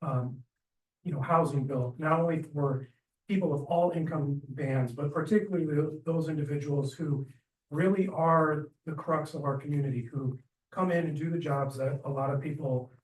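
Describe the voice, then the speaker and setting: A man's voice: on the high side, moderate pace, recorded from a distance. A man speaking up as a resident at a community meeting, enthusiastic and rambling, with many fillers and restarts. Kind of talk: public comment at community meeting. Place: city meeting room. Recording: echoey meeting room, speaker off-mic.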